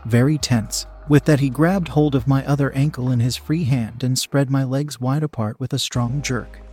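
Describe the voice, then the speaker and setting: A man narrating a story in a steady, even reading voice. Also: medium pitch, normal speed, breathy edge, soft background music. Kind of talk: audiobook-style story reading.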